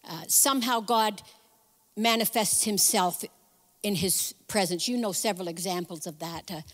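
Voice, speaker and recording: A woman giving a sermon as guest speaker, telling the story in a lively, conversational way with casual asides. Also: mid-range voice, normal speed, long reverb tail. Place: church sanctuary.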